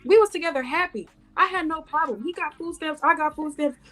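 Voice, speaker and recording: Woman, fast talker, raised pitch, blunt slangy debate, podcast mic. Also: fairly bright tone. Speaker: panelist. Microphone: studio podcast mic.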